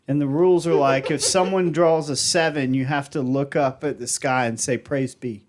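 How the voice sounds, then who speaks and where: A man's voice: medium pitch, steady tone, moderate pace, background noise. An American man co-hosting a casual podcast chat, who laughs a lot and reads items out from a list. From United States. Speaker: podcast co-host.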